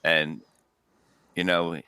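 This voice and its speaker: A man's voice: low voice, little pitch movement, extremely slow, bright, forceful tone, clear, resonant tone, no echo. A man on a podcast, laid-back, reading out donation messages. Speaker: podcast co-host reading chat. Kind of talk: casual podcast chat.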